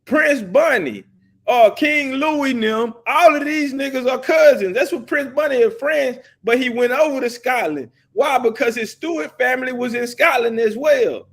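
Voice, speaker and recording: High-voiced man arguing loudly as host. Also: lively intonation, normal speed. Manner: argumentative, talks over the other man, slangy. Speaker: show host. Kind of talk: heated debate.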